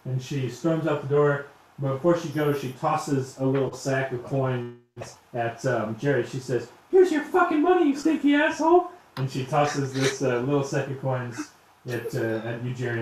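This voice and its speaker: A man narrating as game master in an easy, halting way, filling his pauses with ums and uhs. His voice sits in the middle range and bounces around a very echoey room with a faint hum behind it. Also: mid-range voice, fairly even intonation. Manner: loose, halting narration with many fillers.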